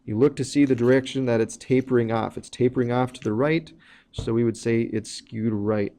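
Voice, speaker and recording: A man talking through a math lesson in a relaxed, mellow voice. He explains each step plainly and pauses now and then with an um. His pitch sits in an ordinary middle range. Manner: plain explanatory, walks through steps with fillers. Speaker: teacher.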